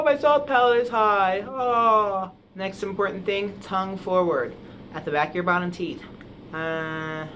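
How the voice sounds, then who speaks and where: A woman voice teacher explaining singing technique in a relaxed way, with many fillers, and sometimes singing the exercises herself. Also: deep voice, noisy background. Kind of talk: singing lesson. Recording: piano playing along.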